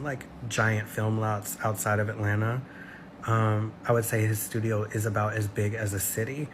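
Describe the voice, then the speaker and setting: A fairly low-voiced man talks through a commentary in an earnest, questioning way, often stopping on a filler. A clear hiss of background noise runs under his voice the whole time. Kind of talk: commentary video.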